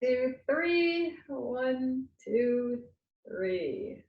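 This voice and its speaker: A woman coaching a workout class, giving slow, encouraging cues on form. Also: high voice, animated, echoey room, dull audio, slight background noise. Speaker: fitness coach.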